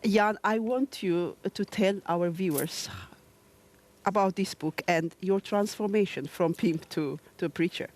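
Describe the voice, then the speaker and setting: A woman's voice: mid-range voice, measured pace. Encouraging female TV interview host. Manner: warm encouraging listener, frequent "mm" affirmations. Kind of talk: studio interview hosting. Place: TV studio.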